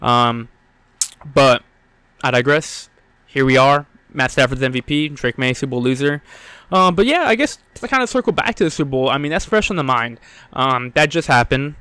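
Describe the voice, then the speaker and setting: Young male podcast host, casual and rambling, crisp clear tone, dry recording. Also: mid-range voice, normal speed, bright, forceful tone, dry recording. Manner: rambling, frequent "um" and "I mean", self-correcting. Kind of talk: casual solo sports podcast talk.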